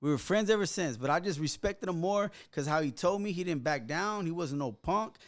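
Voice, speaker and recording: A man guesting on a podcast, telling a story in an animated, profane, streetwise way, full of fillers. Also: on the high side, fairly quick. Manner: animated, profane, streetwise, full of fillers like "you know what I'm saying". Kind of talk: casual storytelling.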